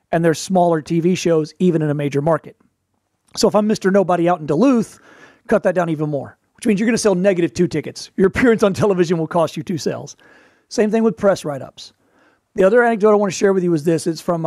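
A man with a fairly high voice talks through showbiz advice in a relaxed, wry storytelling way and tosses in quick asides. The recording is dry and close, with no room sound. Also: no room sound. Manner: quick asides and playful put-on voices for quotes. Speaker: podcast host, performer. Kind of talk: casual advice talk.

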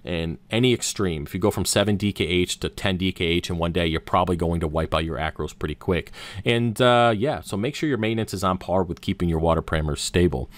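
Low-voiced man giving reef tank tips. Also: fast, dry recording. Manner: relaxed, self-correcting, frequent "uh" and "um". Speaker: aquarium channel host. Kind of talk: casual how-to talk to camera.

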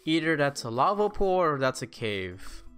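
A man giving casual gameplay commentary, excitable and self-mocking, talking to the creatures in his game. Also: on the high side, moderate pace, smooth. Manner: excitable, self-mocking, talks to the game's mobs. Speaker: gaming YouTuber. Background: background music.

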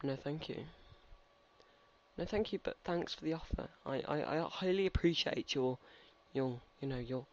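A teenage gaming commentator with a fairly high voice talks at normal speed, rambling chattily and bantering with the game's characters. The lo-fi recording is slightly muffled.

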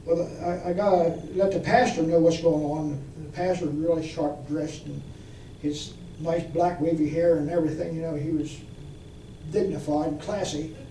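Folksy high-voiced preacher, echoey. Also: male voice, fairly even intonation, moderate pace, warm tone. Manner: folksy testimony with audience questions. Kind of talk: storytelling sermon. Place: church. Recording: echoey room from far off, faint noise.

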